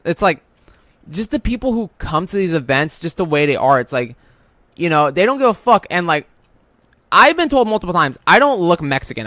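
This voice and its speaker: Young guy venting about work, swears a lot, kinda high voice, dry close sound. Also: pushed and bright, dry recording. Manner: profane, rambling storytelling with many fillers. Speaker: vlogger. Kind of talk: casual rant about work.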